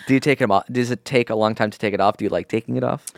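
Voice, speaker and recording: A podcast host chatting casually and reading out a listener's letter, wry and quick to laugh. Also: medium pitch, creaky, no echo, clean studio sound. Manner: lively, laughs often, wry.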